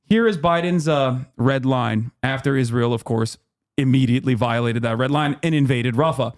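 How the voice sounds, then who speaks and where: A man's voice: mid-range voice, moderate pace. A man hosting a live stream, giving heated, casual political commentary with frequent swearing and emphatic outbursts. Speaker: streamer host.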